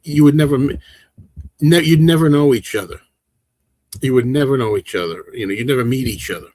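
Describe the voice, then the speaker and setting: Fast-talking man in his sixties. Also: mid-range voice, breathy edge, no room sound. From big city in the northeastern US. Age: 60s. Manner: fast, passionate, rambling talk with many restarts. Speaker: livestream host. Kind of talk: casual chat with live chat.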